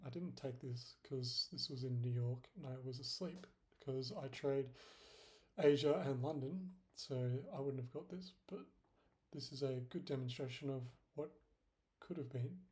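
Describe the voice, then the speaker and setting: A man's voice: medium pitch, unhurried, darkish tone. A young man in casual screen-share commentary, rambling and self-deprecating, with many fillers. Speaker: trading vlogger.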